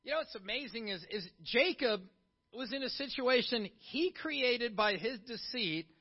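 A middle-aged pastor with a high voice preaches a sermon in an easy, conversational way. He keeps asking the congregation questions and swings between quiet asides and lively bursts. The sound is a little dull and lo-fi. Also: moderate pace, breathy edge.

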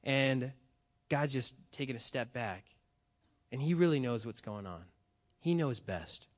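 A man preaching a sermon, earnest and halting with frequent restarts, telling a family story. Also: medium pitch. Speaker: pastor.

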